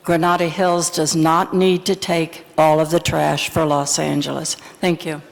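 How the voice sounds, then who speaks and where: A woman with a low, gravelly voice speaks firmly and directly, with little rise and fall. Her words ring out across a large chamber. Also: flat delivery, unhurried. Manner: firm, direct. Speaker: local resident commenter. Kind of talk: public comment at a council hearing. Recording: reverberant council chamber.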